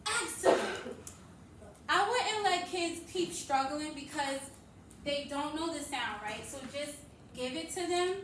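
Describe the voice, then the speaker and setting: A woman's voice: sits high, animated, a little slow. A woman reading teacher modeling a phonics lesson for other teachers, with upbeat, sing-song call-and-response cues. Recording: echoey room, distant mic, noise.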